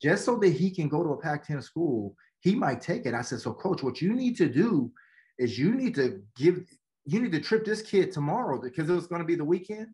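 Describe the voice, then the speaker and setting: Speaking briskly in a fairly high voice, this man is a podcast guest, an educator who once coached football. His casual, animated stories are full of acted-out quotes and frequent uses of "man."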